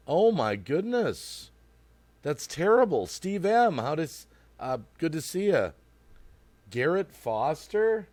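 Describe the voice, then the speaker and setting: Animated man chatting on a livestream. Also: fairly high pitch, a little slow, no echo. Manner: greets viewers and reads chat aloud; rambling, thinks out loud. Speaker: livestream host. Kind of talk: casual livestream chat.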